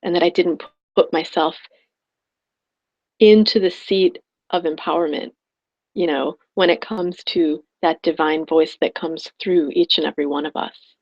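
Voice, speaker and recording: A woman's voice: fairly low pitch, steady tone, a little slow, a little mellow, lo-fi sound. A woman coach telling a personal story in an online class, rambling and heartfelt with many restarts. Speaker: spiritual prosperity coach.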